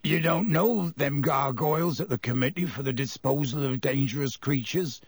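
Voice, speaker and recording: Guy doing a big rough gamekeeper, sobbing and choked up, kinda strained and high. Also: moderate pace, no echo, close to an everyday voice. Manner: broken, choked and wailing. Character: huge sobbing gamekeeper, gruff, rough-spoken, tearful.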